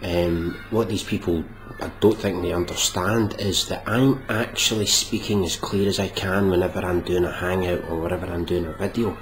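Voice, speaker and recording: A man's voice: low voice, steady tone, moderate pace, a little hiss or hum. A young Scottish man ranting into his vlog, exasperated and sarcastic, swearing a lot. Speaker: vlogger.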